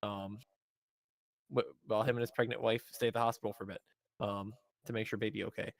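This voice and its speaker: A man's voice: fairly low pitch, little pitch movement, fast, gravelly, dry recording. A man co-hosting a podcast, recapping an episode casually with many ums and uhs. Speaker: podcast co-host.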